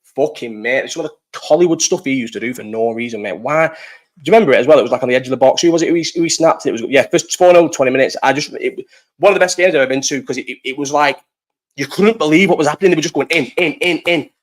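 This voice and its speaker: A man's voice: a little high, very fast. Young man, live-stream host, chatty, sweary, rambling. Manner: chatty, swears freely, trails off and restarts. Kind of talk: casual live-stream chat.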